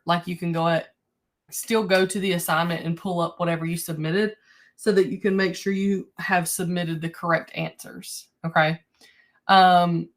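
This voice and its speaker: A young woman teacher, talking her class through steps on a video call in a relaxed, chatty way. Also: fairly low pitch. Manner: relaxed, chatty, with slow stretched prompts. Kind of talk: online class instructions. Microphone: computer mic on a video call.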